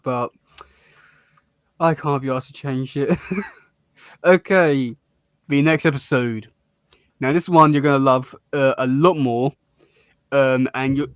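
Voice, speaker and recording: A man's voice: medium pitch, no echo, clean studio sound. A man co-hosting a casual cartoon review chat; he rambles, restarts often and laughs a lot. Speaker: podcast co-host.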